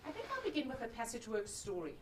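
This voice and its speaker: A woman's voice: on the high side, huge pitch swings, fast talker, background noise. Teacher and guest speaker, woman, 40s, mixed South African accent, chatty, lots of ums. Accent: mixed South African, Australian and American. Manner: warm, chatty, many ums. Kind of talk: public talk to an audience.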